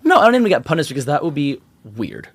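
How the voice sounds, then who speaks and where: A man's voice: on the high side, sing-song, fast, no echo. A man who is a guest theatre critic in casual chat, agreeable and laughing along.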